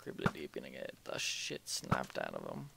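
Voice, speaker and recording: A man's voice: very deep voice, huge pitch swings, normal speed, creaky, very noisy. A young man casually commentating his gameplay at home, rambling, joking and muttering to himself as he plays. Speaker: let's play host. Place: home room at night.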